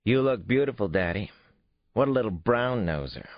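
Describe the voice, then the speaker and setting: A man's voice: fairly low pitch, expressive, normal speed, dry recording, pitched above the performer's own voice. A man doing a sarcastic cheeky boy. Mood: mocking. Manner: sarcastic, teasing. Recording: dull, muffled studio read.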